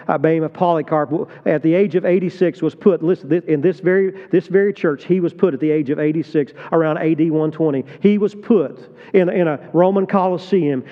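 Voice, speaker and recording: A male pastor preaching a sermon with passion, swinging from hushed tones to loud emphatic peaks. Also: a little high. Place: large church hall. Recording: dull sound, long hall reverb.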